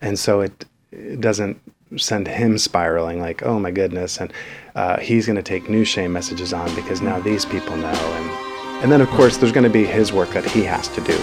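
A man giving earnest, measured advice on a podcast, with frequent pauses and fillers. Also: low-pitched, over music. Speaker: counselor guest. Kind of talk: advice in casual conversation.

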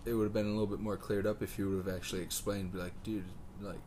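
A man with a very low voice chats casually as a podcast co-host, relaxed and rambling, often trailing off. Clear background noise runs under his voice. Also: rapid-fire. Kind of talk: casual chat.

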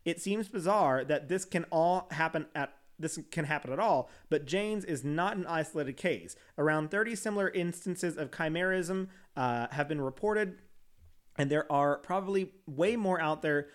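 Man reading aloud, tripping over words. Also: a little high. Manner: stumbles over words and restarts, laughs at himself. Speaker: podcast host. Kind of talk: reading an article aloud with casual asides.

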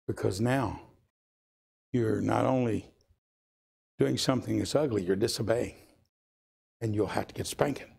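An older male preacher with a heavily gravelly, husky voice. He talks slowly, telling a personal story in a sermon before building to earnest pleading. His delivery drops soft for quoted lines and swells when he exhorts. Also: fairly low pitch. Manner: storytelling, voices quotes softly, rising to impassioned pleas.

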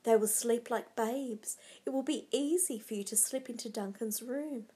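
A woman's voice: fairly high pitch, normal speed, mellow, breathy edge. A woman voicing a scheming, ruthless noblewoman who coaxes, commands and scorns, read aloud from a storybook.

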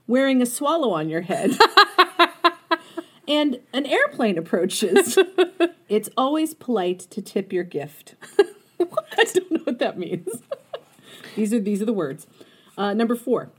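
A woman's voice: on the high side, big pitch swings, slow, pauses often, slightly rough. A woman co-hosting a casual podcast, reading aloud and laughing often as she goes. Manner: giggly, reads aloud with frequent laughter. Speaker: podcast co-host. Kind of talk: casual chat.

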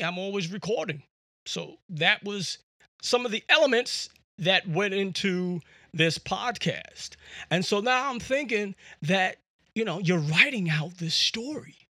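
A man hosting his own podcast in a loose, rambling monologue, full of asides and jokes. His voice is bright and sits a little high. The sound is dry and close, from a USB microphone at home. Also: dry recording. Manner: rambling, jokey storytelling with many fillers. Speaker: podcast host. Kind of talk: casual monologue.

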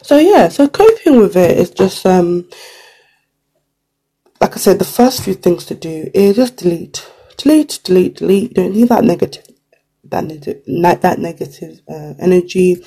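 A relaxed vlogger chats straight to camera with a gravelly, husky edge to the voice. The tone is dark and mellow, full of "like" and "you know", with quick acted-out quotes dropped in along the way. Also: mid-range voice. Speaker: vlogger giving career advice. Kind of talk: casual to-camera chat.

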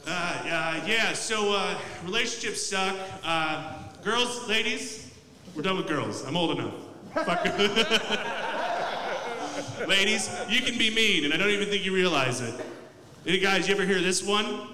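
A man's voice: sits high, expressive, a little slow, crowd noise. A young man doing a loose, profane, self-mocking stand-up set in a comedy club. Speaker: stand-up comic. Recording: echoey club room mic.

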